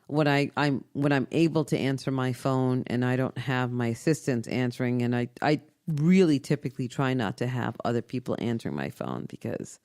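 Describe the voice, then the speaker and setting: A woman hosting a casual podcast chat, telling stories in an animated way, often repeating herself and laughing. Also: very deep voice, normal speed, few pauses. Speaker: podcast host and inventor.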